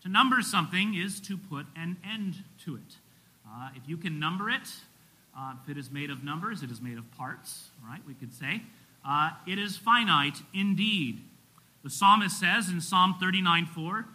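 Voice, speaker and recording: A man preaching a sermon to a congregation, earnestly rising for emphasis and dropping low on solemn points. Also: expressive, measured pace, pushed and bright, poor audio. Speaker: pastor.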